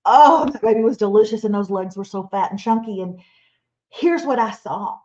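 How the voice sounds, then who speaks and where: A woman, giving a lively, playful motivational Christian talk as a webinar speaker. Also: medium pitch, normal speed. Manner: animated, playful, acts out imagined listeners and quotes. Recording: slightly dull, lo-fi webinar audio.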